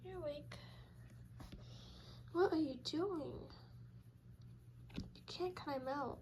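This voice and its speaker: A woman breeder talking to her kittens in a cooing, babying way, often dropping to a hush. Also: sits high, very slow, a little hiss or hum, poor audio. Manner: cooing baby talk, soft and hushed at times. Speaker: cat breeder. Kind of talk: casual talk to kittens.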